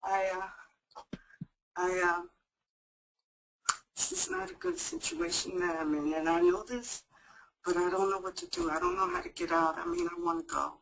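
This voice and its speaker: A woman's voice: lowish voice, sing-song, normal speed, gravelly, pauses often, fairly bright tone, a little hiss or hum, full character voice, poor audio. A woman acting in a training role-play as a frightened woman fleeing an abusive partner, tearful and repeating herself. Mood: anxious.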